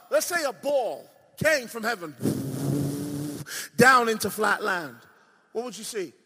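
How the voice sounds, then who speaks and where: High-voiced fiery male preacher. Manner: emphatic, swings between shouting and hushed asides; playful, asks the crowd questions. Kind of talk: sermon. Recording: long reverb of a large hall.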